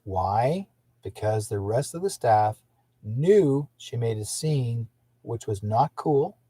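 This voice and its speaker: A man's voice: mid-range voice, animated, slow pace, mellow, husky, no echo. A man hosting his own radio show, telling a story in a rambling casual way, with restarts and acted-out quotes. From British Columbia, Canada. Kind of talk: casual call-in radio monologue.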